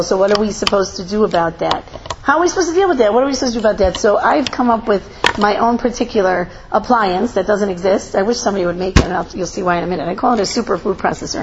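A woman giving an informal talk to an audience, telling stories animatedly, acting out quotes and asking rhetorical questions. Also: a little high. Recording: slightly muffled recording with faint noise.

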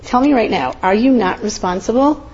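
A woman's voice: a little high, animated, fairly quick, darkish tone. A woman giving an informal talk to an audience, telling stories animatedly, acting out quotes and asking rhetorical questions. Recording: slightly muffled recording with faint noise.

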